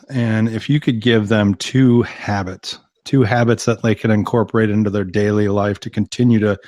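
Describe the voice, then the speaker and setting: A man's voice: on the low side, darkish tone, no room sound, studio quality. An American man hosting a podcast interview, enthusiastic, laughing often and stumbling over repeated words. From United States. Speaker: podcast host. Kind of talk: casual interview.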